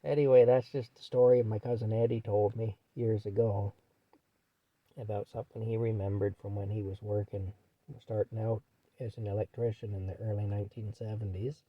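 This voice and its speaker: A man's voice: fairly low pitch, little pitch movement, moderate pace, dry recording, dull audio. A man vlogging from his truck, telling a story in a casual, rambling way and filling gaps with "anyway". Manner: rambling, repeats "anyway" often.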